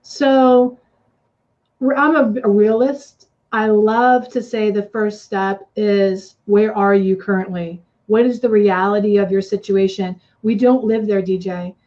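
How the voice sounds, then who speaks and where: Expressive woman coach, lo-fi recording. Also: medium pitch, measured pace. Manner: earnest, expressive, punchy phrasing. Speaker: life coach guest. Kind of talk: casual interview talk. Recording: slightly dull lo-fi sound.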